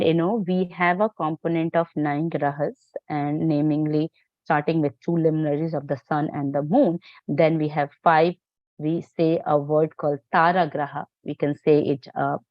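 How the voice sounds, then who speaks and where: A woman teaches a class, her voice on the low side and her delivery stop-start, padded with fillers and self-corrections. The sound is a little muffled and very dry. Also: no room sound. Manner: halting, many fillers and restarts. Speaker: astrology teacher. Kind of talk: live online class lecture.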